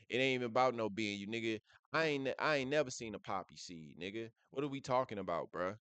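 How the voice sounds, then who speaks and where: A man's voice: fairly low pitch, lively intonation, fast, fairly bright tone, clean tone, no echo. Blunt, profane man riffing on a clip. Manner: blunt, profane street slang, repeats "bruh". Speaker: reaction video host. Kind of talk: casual commentary reacting to a clip.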